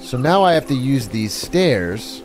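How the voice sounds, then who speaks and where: A man streaming a puzzle game live, giving excitable, sarcastic commentary with frequent swearing and laughter. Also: medium pitch, a little slow. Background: game music.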